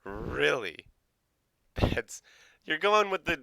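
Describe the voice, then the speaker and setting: A man riffs sarcastically on a clip, cursing and mocking quotes. His voice is lowish yet bright and crisp. The close mic is dry. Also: unhurried, no room sound. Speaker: reaction video host. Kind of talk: casual reaction commentary.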